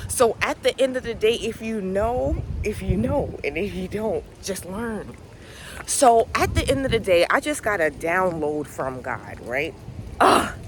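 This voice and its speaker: A woman's voice: medium pitch, a bit bright, a little hiss or hum, rough recording. A woman talking casually to camera in a rambling, preachy, slangy way, outdoors near farm animals. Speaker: vlogger.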